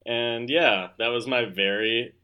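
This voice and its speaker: A man's voice: medium pitch, slow pace, clean tone, muffled recording. A man hosting a casual review podcast, talking loosely with guests and swearing freely. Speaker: podcast host. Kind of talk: casual chat.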